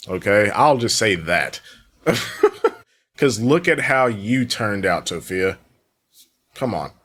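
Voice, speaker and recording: A man hosting a reaction commentary, talking over clips with biting sarcasm. His voice sits fairly low and he takes his time, drawing out each mocking line. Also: sing-song, takes it slowly, fairly bright tone. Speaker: commentary host.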